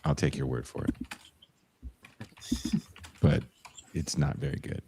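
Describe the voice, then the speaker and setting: Deep-voiced man hosting a casual chat. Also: little pitch movement, measured pace, creaky, warm tone, breathy edge. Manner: joking, blunt, laughs often. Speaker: podcast host. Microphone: video call.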